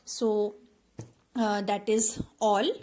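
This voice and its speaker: A woman teacher, slowly explaining a classroom activity with many fillers and repeated words. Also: mid-range voice, little pitch movement, darkish tone.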